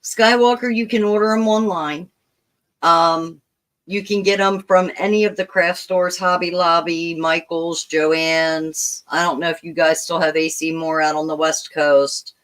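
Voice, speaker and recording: A woman's voice: on the low side, steady tone, unhurried, fairly bright tone. A woman moderating a casual livestream chat, reading viewer comments aloud and explaining things at length.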